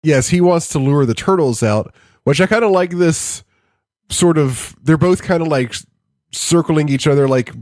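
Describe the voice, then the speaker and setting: A man's voice: on the high side, moderate pace, darkish tone, no echo. Man, podcast co-host, thoughtful, analytical, hedging, dry sound. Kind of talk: casual discussion.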